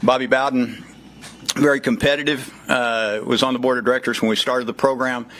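A man's voice: medium pitch, steady tone, a little fast, a bit bright, a little hiss or hum. Texas guy in his fifties, southern drawl, folksy press conference talk with lots of uhs. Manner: folksy, frequent "uh" fillers. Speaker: child safety program speaker.

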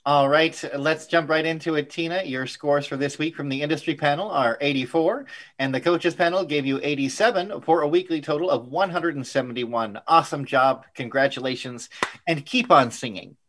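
Man host, slightly high voice, upbeat, brisk. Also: fairly bright tone. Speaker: show host. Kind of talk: hosting announcements.

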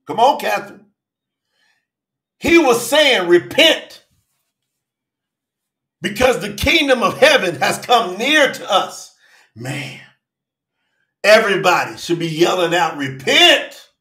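A man preaching in a livestream sermon, fervently calling out viewers by name and swinging between shouts and low murmurs. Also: very animated, slow pace, long pauses, reverberant. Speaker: preacher hosting a live Bible study.

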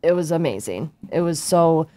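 Woman co-host, casual chat, somewhat low pitch, rambles with constant "like". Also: lively intonation, moderate pace, dark tone. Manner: rambling, fills speech with "like".

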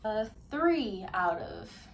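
A young YouTuber chats in a home vlog, rambling and poking fun at herself. Her medium-pitched voice swings widely in pitch and moves very slowly, over a slight hiss or hum.

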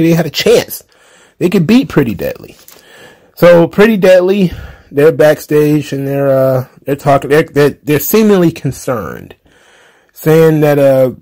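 A man's voice: fairly high pitch, mellow. A man hosting a casual wrestling recap show, talking loosely with frequent laughs, sarcastic asides and plenty of filler words. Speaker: wrestling commentary podcaster.

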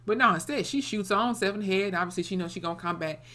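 A woman's voice: mid-range voice, very fast, bright, forceful tone. A woman casually recapping a TV episode, blunt and salty, with many "you know" fillers. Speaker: TV episode reviewer.

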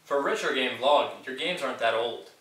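A man's voice: medium pitch, lively intonation, fairly quick, very echoey, recorded from a distance. A man doing sarcastic comedy commentary, mocking a video he reviews.

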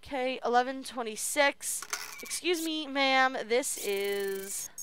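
High-voiced woman streamer, hissy recording. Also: slow, a bit bright. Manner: talks to herself while working, mutters under her breath. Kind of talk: let's play commentary.

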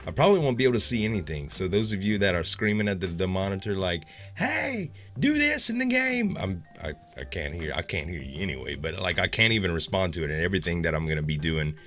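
A man's voice: deep voice, fast, few pauses, a bit bright. A young man, vlogging casually to his viewers in a rambling, upbeat way with lots of fillers. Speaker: gaming YouTuber. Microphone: facecam.

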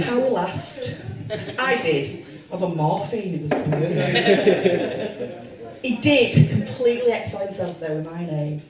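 A self-deprecating comedian in her forties works a live club crowd with crude, deadpan stand-up. Her slightly high voice swings widely in pitch. The sound is very roomy and picked up from some distance, with audience laughter all around. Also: slow pace. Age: 40s.

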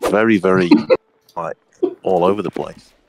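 A tired man, mumbling and low-key in a gaming voice chat. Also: fairly even intonation, moderate pace. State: tired, drowsy. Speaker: gamer in voice chat. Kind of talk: casual banter.

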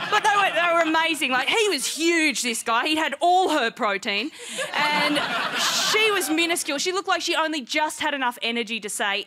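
A high, bright-pitched Australian woman delivers a stand-up routine on a studio stage, chatty and playful, often laughing into her punchlines. The stage mic carries a clear layer of noise under her voice. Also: expressive, normal speed. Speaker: stand-up comedian. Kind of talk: stand-up comedy set. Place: TV studio stage with live audience.

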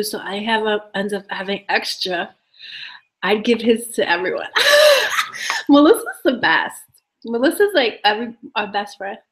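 A woman's voice: a little high, a bit bright. A young woman chatting to her viewers in a rambling, giggly way, swearing freely. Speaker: YouTuber talking to live chat. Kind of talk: casual chat to viewers.

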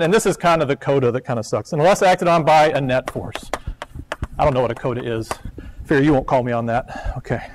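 A man's voice: a little high, a little hiss or hum. A man giving a physics lecture in a chatty, joking way, with poor lecture hall audio. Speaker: physics professor. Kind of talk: classroom lecture.

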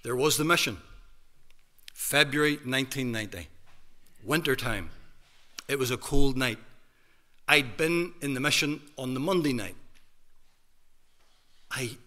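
A man in his fifties with a Northern Irish accent, a minister giving an emphatic testimony sermon in a church hall, dropping to a hush and then rising loud. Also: on the high side. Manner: emphatic preaching with big swings from hushed to loud.

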